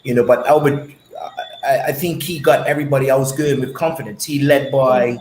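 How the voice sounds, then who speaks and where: Easygoing former cricketer in an echoey room. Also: male voice, medium pitch, slight background noise. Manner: relaxed, drawn-out, says man often. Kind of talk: casual reminiscing chat.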